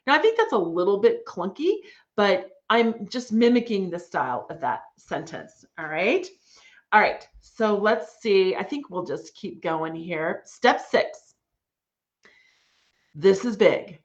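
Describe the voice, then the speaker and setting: A woman's voice: medium pitch, sing-song, measured pace. A woman giving a casual online writing lesson to parents, chatty and enthusiastic with frequent fillers. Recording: dull lo-fi sound.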